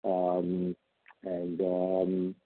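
A man from Israel speaks slowly and hesitantly at a recovery meeting. His voice is low, flat and husky. It comes through a dry, tinny phone line. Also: no room sound. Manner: slow, hesitant, many fillers. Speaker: recovery meeting member sharing. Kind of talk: brief share on a phone meeting.

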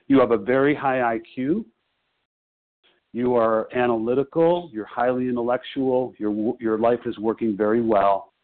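A man sharing at a twelve-step phone meeting, talking with emphatic, repetitive conviction. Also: mid-range voice. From Chicago. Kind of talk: personal share on a phone meeting. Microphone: phone call. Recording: tinny phone line.

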